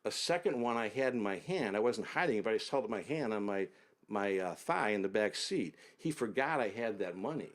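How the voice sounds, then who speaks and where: A man telling a long travel story as an interview guest, unhurried and detailed, often trailing off low. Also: lively intonation.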